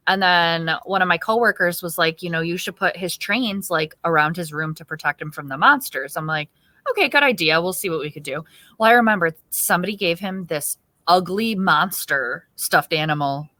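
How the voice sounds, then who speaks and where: A woman in her thirties co-hosting a podcast, telling stories in casual chat and acting out the quotes with lively voices. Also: lowish voice, normal speed, no room sound. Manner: animated storyteller acting out quotes. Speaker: podcast co-host.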